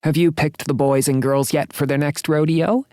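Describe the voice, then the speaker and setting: A man voicing a chatty older woman in an audiobook, with a lively, scoffing way of talking. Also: fairly high pitch, moderate pace, no echo, studio quality, voice pushed up, close to an everyday voice.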